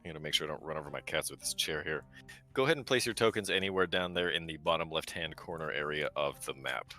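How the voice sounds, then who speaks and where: A man narrating a tabletop game as game master, giving measured descriptions with casual asides. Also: a bass voice, sharp tone, faint music behind.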